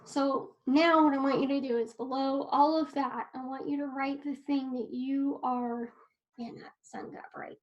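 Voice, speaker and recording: Earnest high-voiced woman coaching. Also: fairly even intonation, moderate pace, few pauses, muffled recording. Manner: earnest and encouraging, grows emotional. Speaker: wellness coach. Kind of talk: casual talk to camera. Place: home desk in a sunny room.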